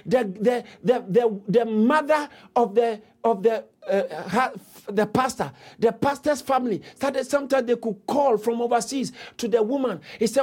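A man's voice: very high-pitched, normal speed, hardly any pauses, darkish tone. A man preaching a sermon with fervent, impassioned delivery and bursts of speaking in tongues.

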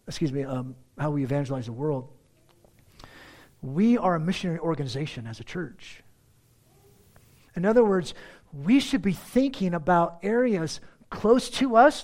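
A male pastor with a lively, high voice preaches a sermon, speaking conversationally and directly to the congregation. He's animated, acting out everyday dialogue in different voices.

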